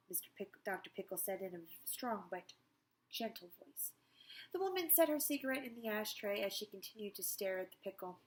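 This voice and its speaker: A woman's voice: medium pitch, expressive, brisk. A woman teacher reading a chapter book aloud to students in a casual, chatty way, often correcting herself. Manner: chatty, with frequent self-corrections.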